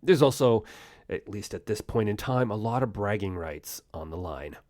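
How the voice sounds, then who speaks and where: A man narrates science history for his own podcast. He talks in a relaxed, conversational way, throws in wry jokes and quick asides, and his pitch rises and falls a lot. The recording is dry and close, with no room sound. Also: no echo. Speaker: podcast host.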